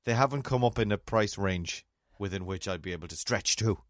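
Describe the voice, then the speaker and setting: A middle-aged co-host tells funny stories in a casual chat, lively and full of laughs. His voice is fairly low and a little fast, and the recording is dry with clean studio sound.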